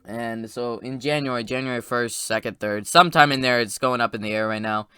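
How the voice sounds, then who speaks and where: A man giving a casual, rambling spoiler review of a movie, excited and full of fillers and restarts. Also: medium pitch, a little fast, smooth, dry recording, studio quality.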